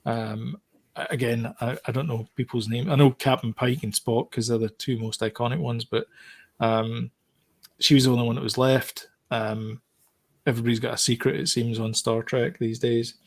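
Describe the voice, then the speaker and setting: A man's voice: mid-range voice, steady tone, moderate pace, gravelly. A man co-hosting a casual podcast, talking about TV shows in a rambling way, with lots of fillers and restarts. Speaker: podcast co-host.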